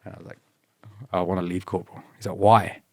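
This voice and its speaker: Relaxed low-voiced man with a British accent. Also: fast talker, creaky, no echo, studio quality. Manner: laid-back, laughs often, quotes others in lively bursts. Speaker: podcast guest, former paratrooper. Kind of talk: casual storytelling interview.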